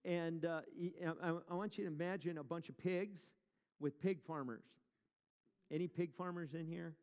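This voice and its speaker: Male pastor, gravelly, slightly high voice, chatty sermon, long hall reverb. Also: steady tone, moderate pace, a little mellow. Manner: conversational, asks the congregation questions.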